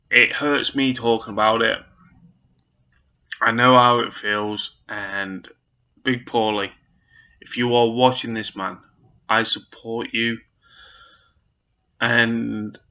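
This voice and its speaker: A man's voice: mid-range voice, steady tone, slow, pauses often, pushed and bright, muffled recording. A man, vlogging in a chatty, rambling, earnest way to camera. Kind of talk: casual chat to camera.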